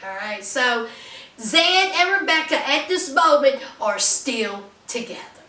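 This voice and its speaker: A woman's voice: sits high, slow, reverberant, far from the mic. A woman recapping a reality TV show in casual, sassy commentary, full of playful asides. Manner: sassy, animated storytelling with playful quoted voices.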